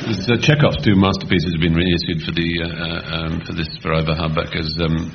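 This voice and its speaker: A man's voice: low voice, flat delivery, a little fast, vocal fry, hardly any pauses. A man on a radio comedy panel who speaks hesitantly, with many ums and uhs. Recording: dull radio recording with loud hiss.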